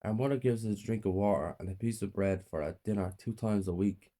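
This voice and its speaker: A man narrating a short first-person horror story in a plain, quiet way. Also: fairly low pitch, brisk.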